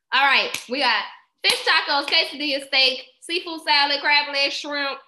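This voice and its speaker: A woman's voice: sits high, a little slow. A woman, co-hosting a casual chat and telling stories with lots of laughter. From Houston, Texas. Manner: animated storyteller, laughs often. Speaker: podcast co-host. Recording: echoey room.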